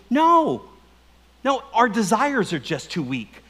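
A man's voice: extremely high pitch, slow. A middle-aged man preaching a sermon with jokes and questions to the congregation. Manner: animated, joking, asks the crowd questions. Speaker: pastor. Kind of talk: humorous sermon.

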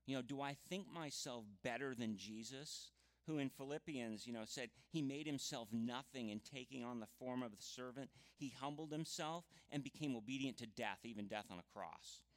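A man preaching a sermon in an earnest, measured way, often adding "you know" as he explains scripture. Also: medium pitch.

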